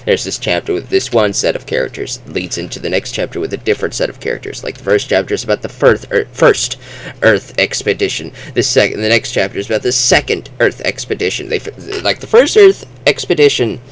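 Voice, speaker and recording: A man giving a casual, rambling book review vlog, talking haltingly and restarting his sentences. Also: low voice, very animated, fairly bright tone, a little hiss or hum.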